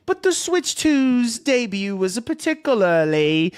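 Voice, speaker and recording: A man putting on a fake British accent, playing a smug gloating British lad while reading news aloud in a drawn-out, theatrical way. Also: very high voice, very animated, clear, resonant tone, no room sound, clean studio sound, full character voice. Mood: mock gloating. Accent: put-on British. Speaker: streamer.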